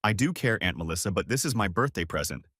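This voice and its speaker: A man voicing a quiet, scared teenage boy in a read-aloud family story, soft and shaky. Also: low-pitched, sing-song, quick pace, slightly rough, no echo, clean studio sound, full character voice.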